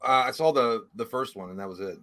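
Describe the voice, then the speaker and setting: A man's voice: mid-range voice, fast talker. A man co-hosting a casual live movie chat, often restarting sentences and swearing. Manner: stammering restarts, swearing, bursts into shouted impressions. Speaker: podcast co-host.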